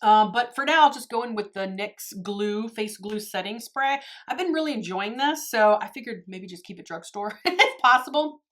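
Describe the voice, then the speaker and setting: A woman's voice: medium pitch, lively intonation, normal speed, hardly any pauses, a bit bright. A married woman chatting casually to her viewers while she does her makeup. She rambles, makes fun of herself and laughs often. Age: adult, married. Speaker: beauty YouTuber. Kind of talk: casual makeup tutorial chat.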